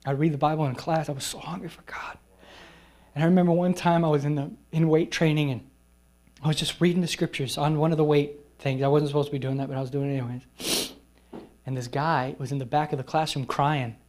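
A male preacher telling his testimony to a retreat gathering, his voice sitting a little on the high side. He moves from brisk storytelling to slow, soft, emphatic lines and acts out the people in his story. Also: steady tone. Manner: personal testimony, slowing to soft, emphatic phrases; acts out quoted people in whispers and raised voices. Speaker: guest preacher.

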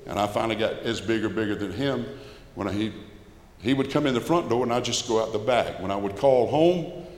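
A man's voice: on the low side, a little fast, a little mellow. An older man, giving a folksy, emphatic personal testimony to a church congregation. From Albany, Georgia. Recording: echoey church hall with long reverb.

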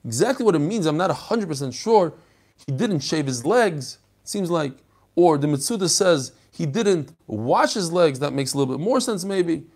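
A man's voice: fairly high pitch, expressive, moderate pace, a little mellow. A man teaching a text study lesson, explaining passages and animatedly acting out the story.

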